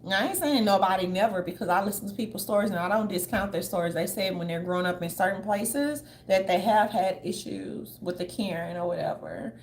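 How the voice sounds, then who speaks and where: A woman's voice: mid-range voice, brisk, few pauses, slight background noise. A woman from the southern United States doing casual livestream commentary, loose, chatty, blunt and profane as she talks straight to her viewers.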